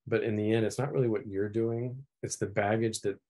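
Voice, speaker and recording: A middle-aged man, an animation filmmaker, talking in a relaxed, reflective way with lots of fillers. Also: on the low side, a little fast. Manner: relaxed, reflective, many "you know" fillers. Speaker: animation filmmaker, guest of honor. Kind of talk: casual podcast chat.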